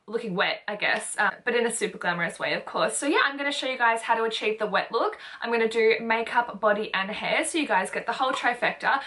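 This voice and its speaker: Bubbly, bright-voiced young woman vlogger. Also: fairly high pitch. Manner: bubbly, chatty, full of emphatic repeats. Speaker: beauty vlogger. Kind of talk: casual makeup tutorial talk.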